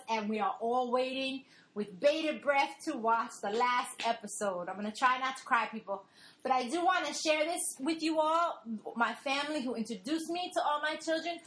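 Woman podcast host, bright higher voice, gushing and emotional, echoey room recording. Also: normal speed. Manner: emotional, gushing, laughs often. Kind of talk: casual chat. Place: home, family gathering.

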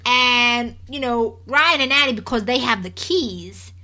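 A woman with a high, bright voice, chatting casually and sarcastically. She talks in an animated way and laughs often. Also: measured pace. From Puerto Rican family. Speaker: co-host. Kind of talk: casual recap chat.

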